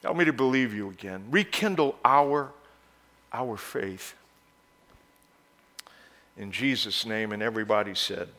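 A male pastor preaching a sermon. He moves from quiet, intimate passages to loud exhortation and leads the congregation in call-and-response. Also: on the low side, measured pace, long pauses.

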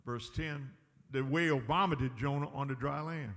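A man's voice: mid-range voice, moderate pace, a bit bright, in a large hall. A man preaching a sermon in a folksy, emphatic way, often chuckling at his own points. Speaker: pastor.

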